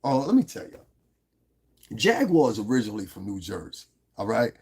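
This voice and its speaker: Gravelly, husky-voiced man on a livestream. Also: lowish voice, very animated, normal speed, darkish tone. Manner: profane, blunt, talks straight to his chat viewers. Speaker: livestream host. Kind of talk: unscripted livestream chat. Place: lives in Las Vegas.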